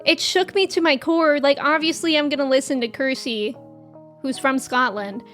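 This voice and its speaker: A woman's voice: sits high, steady tone, normal speed, fairly bright tone, faint music behind. A young American woman streaming a game, chatting casually and rambling with viewers, laughing often. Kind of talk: casual chat with live viewers.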